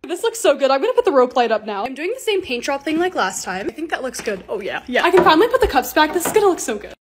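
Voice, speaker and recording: A young woman in her twenties narrating her own lifestyle vlog, bubbly and excitable as she talks through each project. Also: sits high, fast, a little hiss or hum. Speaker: lifestyle creator.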